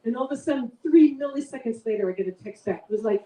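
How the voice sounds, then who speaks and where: A woman's voice: animated, fast, hardly any pauses, warm tone, recorded from a distance. A middle-aged woman doing a chatty, self-mocking stand-up comedy set for a live audience. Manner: chatty, self-mocking, big swings in pitch. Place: event room with a live audience. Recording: echoey room, voice off-mic.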